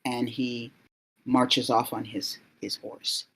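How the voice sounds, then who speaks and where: A woman narrating a story as she recounts a vision, halting and searching for words as she goes. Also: very deep voice, level tone, gravelly, a bit bright, breathy edge, rough recording. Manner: halting, many fillers and restarts.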